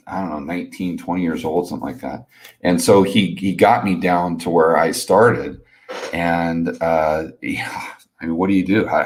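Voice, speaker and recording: A middle-aged man telling a personal story on a casual live stream, rambling with many restarts and fillers. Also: sits low.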